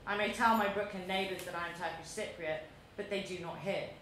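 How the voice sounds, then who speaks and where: A woman in her thirties from London with a London accent, reading her own essay aloud to an audience in a measured, deliberate, wry way. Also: lowish voice, steady tone, fairly bright tone. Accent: London English. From London, England. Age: 30s. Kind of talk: live reading of a personal essay. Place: large echoey museum event space. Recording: very echoey room, faint background noise.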